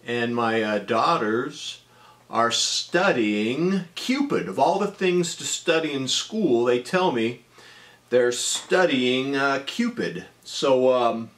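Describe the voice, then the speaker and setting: Deadpan storytelling man with filler words. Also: mid-range voice, slow. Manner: conversational, deadpan-humorous, with frequent fillers. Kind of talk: personal storytelling monologue.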